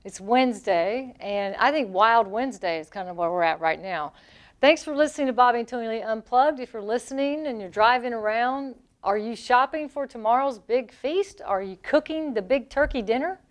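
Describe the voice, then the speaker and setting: A woman's voice: fairly high pitch, expressive. A woman with a Southern US accent co-hosting a radio show, chatting in a playful, talkative way. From American South. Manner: playful, talkative, quick asides. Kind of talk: casual radio chat.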